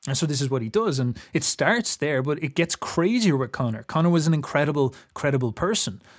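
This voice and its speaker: A man's voice: a little high, expressive, brisk. A young man from Ireland with an Irish accent, talking casually and earnestly in a reflective, philosophical way, often restarting his sentences.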